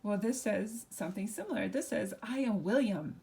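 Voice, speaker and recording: A woman's voice: medium pitch, expressive, moderate pace, gravelly, a little mellow. A middle-aged woman teaching a recorded language lesson, explaining step by step and asking herself questions as she goes. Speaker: Spanish teacher.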